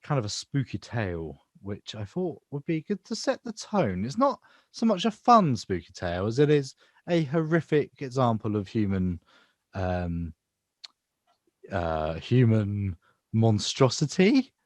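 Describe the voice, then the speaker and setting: A man's voice: mid-range voice, unhurried, no room sound. A man in his thirties from England, co-hosting a casual podcast and telling a spooky local story. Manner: animated, tells a spooky tale in a storytelling voice. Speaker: podcast co-host.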